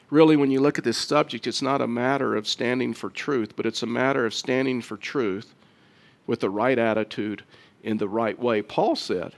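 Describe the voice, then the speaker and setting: Male pastor, mid-pitched voice, earnest sermon delivery with restarts. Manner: earnest preaching, stumbling restarts, rises louder and quicker near the close.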